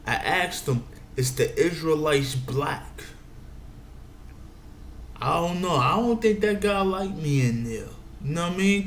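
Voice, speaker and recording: A man's voice: a little high, fairly bright tone. A man giving advice in a meandering casual monologue, often saying "you know what I'm saying". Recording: echoey room with faint background noise.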